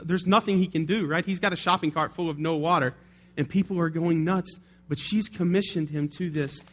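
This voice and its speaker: A male pastor preaching in a relaxed, conversational way, often checking in with his listeners through tag questions. His voice sits a little higher than most men's. He talks through his points as if chatting with his congregation. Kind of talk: sermon.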